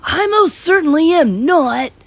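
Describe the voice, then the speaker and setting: A woman voicing a loudmouthed, greedy, spoiled boy who has been turned into a mouse, shouting indignantly in a storybook read-aloud. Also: mid-range voice, sing-song, normal speed, husky, no echo, soft background music.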